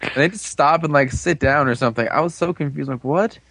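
A man casually recapping a TV episode, rambling and joking with quick asides. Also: on the high side, creaky, fairly bright tone, dry recording. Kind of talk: casual chat.

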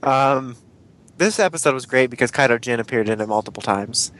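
A man's voice: medium pitch, a little fast, a bit bright. Man, podcast co-host, casual rambling chat, self-deprecating. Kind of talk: casual chat about cartoons.

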